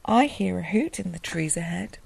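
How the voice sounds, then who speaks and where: A woman voicing a big, shaggy, easily fooled male monster in a storybook reading, slow and amazed. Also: lowish voice, expressive, creaky, a little mellow, slightly rough, no echo, exaggerated voice.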